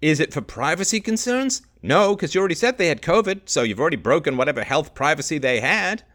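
A man's voice: a little high, animated, quick pace, fairly bright tone. A middle-aged man hosting a solo livestream, reading news aloud and picking at it with sarcastic, exasperated rhetorical questions. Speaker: livestream host.

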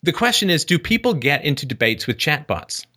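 A man's voice: on the high side, sing-song, a little fast, pushed and bright. A man hosting a call-in show, talking in a loose, digressive way and acting out little dialogues. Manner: digressive, acts out dialogues with shifting voices, laughs at own jokes. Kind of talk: casual philosophical call-in talk.

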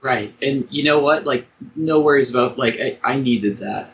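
A man in his twenties calling in, speaking hesitantly with many pauses and "um"s. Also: medium pitch, highs cut off. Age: 20s. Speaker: caller. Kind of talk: call-in conversation.

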